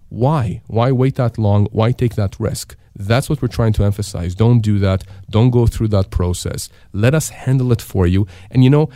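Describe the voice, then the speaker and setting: A man's voice: mid-range voice, warm tone, no echo, clean studio sound. A middle-aged man, a lawyer from Canada, giving emphatic advice on a radio talk show and asking himself questions to drive points home. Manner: emphatic, repeats rhetorical questions. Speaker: disability insurance lawyer, guest.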